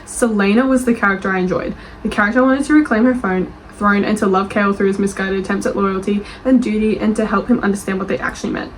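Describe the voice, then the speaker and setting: A young woman reading book reviews aloud and reacting with animated, defensive chat. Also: medium pitch, a little hiss or hum, rough recording. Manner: animated, gushing, defensive, laughs often.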